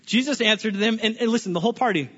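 A man's voice: sits high, very fast, fairly bright tone, husky. A male pastor preaching a conversational sermon to a room, often restarting words and asking the listeners questions. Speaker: pastor overseeing small groups. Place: church hall with an audience. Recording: echoey hall, dull lo-fi sound.

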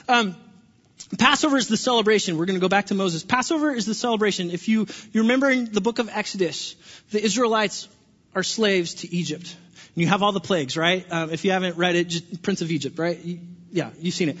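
A man preaching a sermon, animated in his storytelling and acting out the quotes. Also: high-pitched. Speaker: pastor. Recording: dull lo-fi sound with long reverb.

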